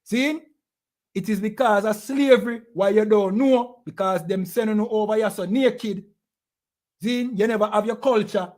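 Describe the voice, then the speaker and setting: A man's voice: high-pitched, moderate pace, a little mellow. A man with a Jamaican accent, preaching to a class in a scolding tone and firing rhetorical questions at his listeners. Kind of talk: impassioned preaching.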